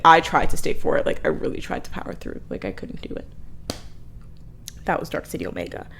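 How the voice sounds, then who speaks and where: A young woman hosting a book review channel, chatting casually, animated and blunt, swearing often. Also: on the low side. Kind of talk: casual chat.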